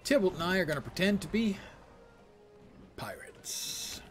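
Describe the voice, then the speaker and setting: A man's voice: high voice, racing, over music. Laid-back man streaming a game. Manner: relaxed, self-deprecating, reads game text aloud. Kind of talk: low-energy casual game commentary.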